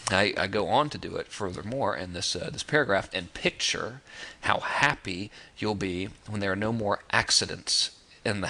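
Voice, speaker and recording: A man's voice: lowish voice, pushed and bright. A man in his thirties giving a casual spoken lesson on marketing copy, talking loosely with fillers and restarts and acting out quoted lines. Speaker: marketing course instructor. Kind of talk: casual spoken lesson walking through sales letters.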